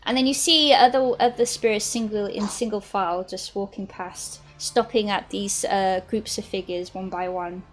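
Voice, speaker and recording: A woman narrating a tabletop game as game master, pausing and restarting her sentences often. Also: medium pitch, steady tone, soft background music. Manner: halting, lots of fillers and restarts.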